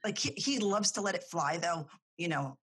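A woman's voice: lowish voice, expressive, moderate pace, breathy edge. A woman in casual chat, rambling with fillers and restarts. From New Jersey / New York. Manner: rambling, lots of fillers and restarts, laughs often.

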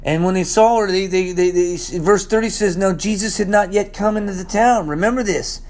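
A man preaches a sermon a little fast, reading scripture aloud and commenting on it. He swings between loud exclamations and low, hushed asides.

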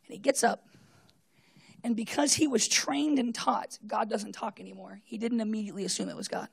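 A woman with a husky, slightly high voice delivers a sermon in a storytelling way. She swings from loud bursts down to hushed, near-whispered tones and acts out the voices in the story. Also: expressive, a little fast. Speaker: preacher.

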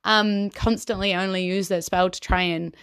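A woman's voice: medium pitch, fairly even intonation, moderate pace, fairly bright tone, clean tone, dry recording, studio quality. A New Zealand woman hosting a podcast, telling a story in a chatty way with frequent laughs and ums. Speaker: podcast host and game master. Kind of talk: casual storytelling monologue.

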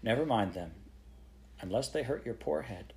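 A man's voice: medium pitch, animated, moderate pace, vocal fry, a little mellow. A man voicing a stubborn, bitter little girl with curt, clipped replies in an audiobook. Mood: tender. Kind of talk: audiobook character voice.

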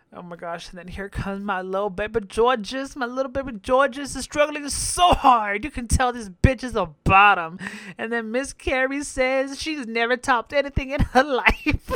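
A man's voice: extremely high pitch, pushed and bright, no room sound. A man hosting a podcast, giving a campy, profane recap full of laughter. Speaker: podcast host. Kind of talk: casual recap commentary.

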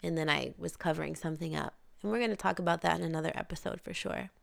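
A woman's voice: low-pitched, fast talker, vocal fry. A woman hosting her own podcast as a wellness coach, talking candidly and with emphasis in a motivational monologue, swearing casually. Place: home near the Caribbean.

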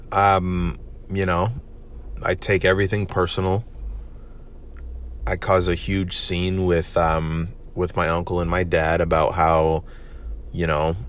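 A young man hosting a solo podcast, talking candidly and rambling, with lots of "man" and "you know". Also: deep voice. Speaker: podcast host. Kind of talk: solo confessional podcast monologue.

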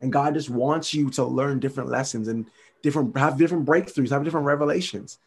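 A man's voice: mid-range voice, creaky, a little mellow, husky. A man sharing his faith testimony as a podcast guest, earnest and repetitive. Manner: earnest, repetitive, fast-talking.

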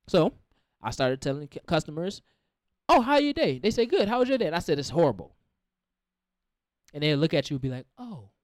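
A man's voice: fairly high pitch, very animated, a little fast, pauses often, no echo. A young man co-hosting a talk show, chatting casually and telling stories with acted-out quotes. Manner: laid-back, storytelling with acted-out quotes. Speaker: podcast co-host. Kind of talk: casual chat.

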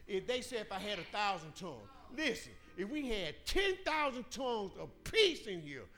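A man gives his testimony in a church service. His voice sits high and swings widely up and down. He speaks emphatically and works himself up toward a shout. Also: sing-song, moderate pace. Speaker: church member giving testimony.

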